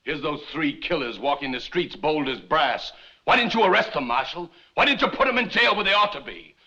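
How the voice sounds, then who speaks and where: A man's voice: medium pitch, moderate pace, fairly bright tone, close to an everyday voice. An actor playing a townsman sharply accusing the marshal, heard at a distance on an old lo-fi film soundtrack.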